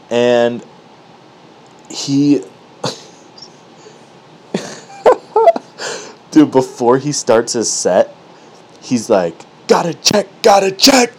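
A man spins a comedic story, cursing freely and breaking into laughter. His pitch swings widely while the pace stays unhurried and drawn out. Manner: animated, profane, laughing at his own story.

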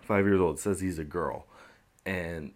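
Deep-voiced slow casual man. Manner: laid-back, rambling, laughs often, swears. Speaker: podcast host. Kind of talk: casual commentary on news.

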